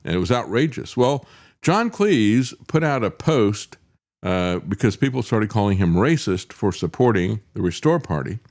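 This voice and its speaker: A man's voice: on the low side, sing-song, moderate pace, darkish tone. A middle-aged man hosting a commentary show, sardonic and chuckling, with frequent "uh" fillers. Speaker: host.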